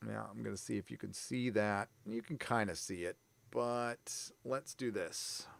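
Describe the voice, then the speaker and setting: This San Diego native, a livestream host from California, speaks at a measured pace in a lowish voice with vocal fry. He rambles casually and makes fun of himself as he chats.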